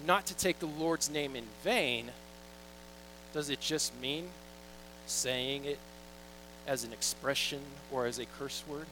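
A man's voice: fairly high pitch, fairly bright tone, a little hiss or hum, rough recording. Man preaching a conversational sermon. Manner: conversational, jokey storytelling with quoted asides. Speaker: pastor.

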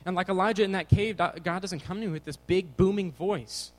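A young man preaching a casual sermon to teenagers, energetic and jokey in his delivery. His voice sits a bit high for a man. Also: fairly quick, rough recording. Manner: energetic, jokey, bouncing around. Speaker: youth pastor.

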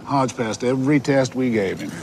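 An actor playing a blunt, tough army colonel in a film clip. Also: male voice, mid-range voice, lively intonation, normal speed, creaky, darkish tone. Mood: gruff. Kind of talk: film dialogue. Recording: film clip played in room, faint noise.

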